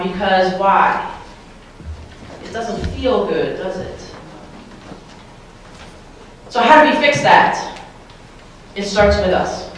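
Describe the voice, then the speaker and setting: A woman gives a motivational keynote to a live crowd in a large hall, playful and peppering the audience with questions. She has a medium-pitched voice and uses a handheld mic, but the recording is captured from a distance in a very echoey space with slight hiss or hum.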